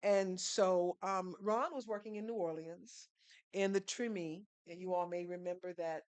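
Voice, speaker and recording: A woman's voice: fairly low pitch, steady tone, normal speed, darkish tone, clear, resonant tone, no room sound. A woman, speaking as a podcast guest who tells her story in an earnest, teaching way and poses rhetorical questions. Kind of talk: storytelling conversation.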